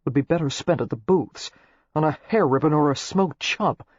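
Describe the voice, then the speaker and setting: Dry dour gentleman, woman reading him, low, husky, bit muffled. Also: animated, normal speed, no room sound. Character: dry, practical young gentleman.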